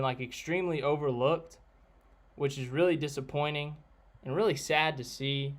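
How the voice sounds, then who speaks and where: A man chatting casually on a live stream, answering viewers and giving blunt opinions in a rambling way. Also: mid-range voice. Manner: rambling, opinionated, reads out chat names.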